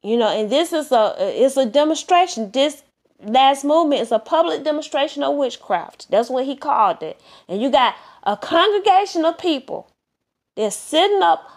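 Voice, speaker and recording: A woman's voice: high-pitched, lively intonation, normal speed. A woman preaching a sermon, urging listeners earnestly, repeating herself and restarting phrases as she goes. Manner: earnest, repetitive exhortation with many restarts.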